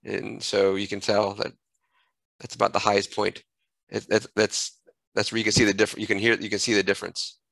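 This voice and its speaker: A man giving a screen-recorded software tutorial, thinking aloud and correcting himself as he clicks through menus at a desk microphone. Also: lowish voice, completely flat delivery, a little fast, vocal fry, dry recording, rough recording.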